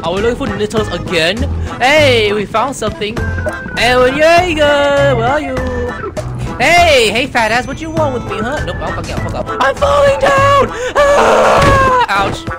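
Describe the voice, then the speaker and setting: A man playing a horror game with friends, talking casually and breaking into high panicked yelps and screams. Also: animated, moderate pace. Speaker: gaming YouTuber. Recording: loud game music behind. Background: game music.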